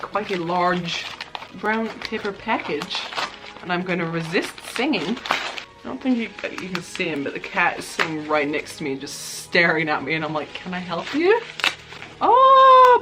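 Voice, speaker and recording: Gushing chatty woman vlogger. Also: lowish voice. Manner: excitable, gushing, chatty with many fillers. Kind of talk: casual unboxing chat.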